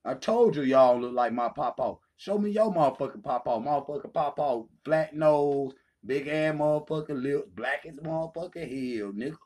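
A man's voice: a little high, moderate pace, few pauses, darkish tone. A man hosting his own channel, delivering a heated, profane callout rant, taunting and swearing freely. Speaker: channel host. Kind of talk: profane ranting callout video.

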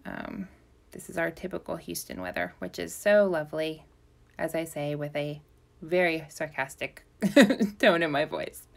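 A woman's voice: low voice, a little slow, creaky. A woman hosting a casual live stream from her craft shop, talking in a chatty, rambling way with lots of ums and self-corrections.

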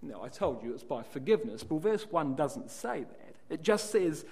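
A man's voice: mid-range voice, very animated, normal speed, a little mellow, breathy edge. A man giving a Bible study talk, reading scripture aloud and asking and answering his own questions as he explains each verse. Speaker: Bible class speaker.

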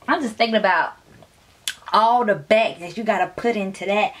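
A woman's voice: mid-range voice, takes it slowly, pauses often, a bit bright, slight background noise. A woman hosting a music reaction video, talking in a flirty, playful and crude way, sometimes dropping to a whisper. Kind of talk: casual reaction commentary.

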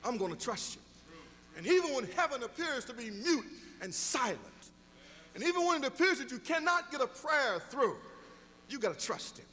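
A man's voice: very high-pitched, very animated, moderate pace, sharp tone, long reverb tail. A middle-aged man preaching a sermon as pastor, telling stories and building to emphatic exhortation.

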